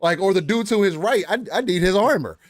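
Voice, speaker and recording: A man co-hosting a gaming podcast who talks loosely and with excitement, letting the odd swear word slip. His voice is a bit high for a man, and the recording sounds dry and close. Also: a little fast, dry recording. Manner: loose and hyped, swears casually. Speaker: podcast co-host. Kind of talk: casual gaming podcast chat.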